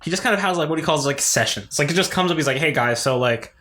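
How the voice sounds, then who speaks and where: A man's voice: fairly high pitch, very fast, sharp tone. A young man co-hosting a podcast, telling stories in a rambling, filler-heavy way with frequent laughs. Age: young adult. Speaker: podcast co-host. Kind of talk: casual chat.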